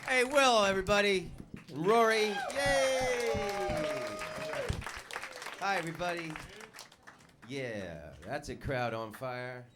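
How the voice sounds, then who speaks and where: A man performing a stand-up comedy set in a club, with a loud, punchy delivery. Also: high voice, expressive, slow pace, pauses often, a loud crowd, very noisy. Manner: loud punchy delivery, puts on voices for jokes.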